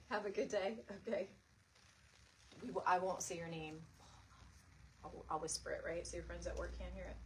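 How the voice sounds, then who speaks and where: A middle-aged woman hosting a casual live craft stream, chatting to viewers by name and laughing often. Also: a little hiss or hum. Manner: animated, jumps to high pitch when retelling stories. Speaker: craft livestream host.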